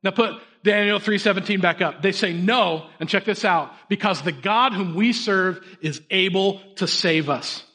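A man in his thirties preaching a sermon, an energetic storyteller who shifts between hushed, earnest moments and sudden emphatic bursts. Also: high-pitched, normal speed, hardly any pauses. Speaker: pastor.

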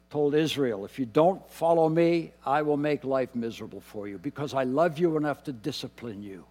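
A man preaching a sermon as pastor, moving between quiet, dropped asides and loud, emphatic lines. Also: medium pitch. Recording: long hall reverb.

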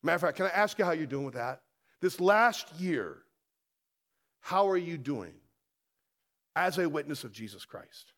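Man, pastor, sermon, slightly high voice, emphatic, rhetorical questions. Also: expressive, normal speed, pauses often. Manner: emphatic, rhetorical questions, rising to loud stresses.

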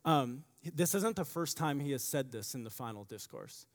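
A man preaching a sermon, repeating key phrases and swinging from loud emphasis to quiet asides. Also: medium pitch, animated, moderate pace. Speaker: pastor. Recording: long hall reverb.

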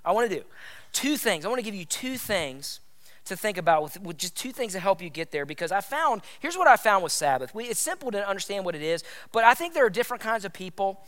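Male pastor, high voice, conversational sermon, repeats phrases, hushed near-whisper at times. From United States.

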